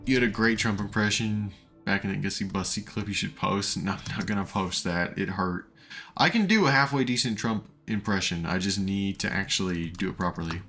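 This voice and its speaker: A man's voice: low-pitched, fairly quick, pushed and bright, soft background music. A man streaming a game, rambling as he builds and reads chat aloud, his voice tired and sore after hours of talking. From United States. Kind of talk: casual live-stream chat while playing.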